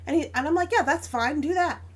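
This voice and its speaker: A woman's voice: sits high, fast talker. A young adult woman chatting casually as a crafting stream host, telling a story with frequent laughs and acting out both sides of an argument.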